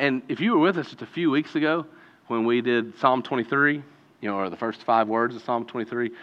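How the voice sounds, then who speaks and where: A man's voice: mid-range voice, fairly bright tone. A man preaching a conversational sermon as a pastor, talking casually and then building to emphatic peaks. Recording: dull lo-fi sound with long hall reverb.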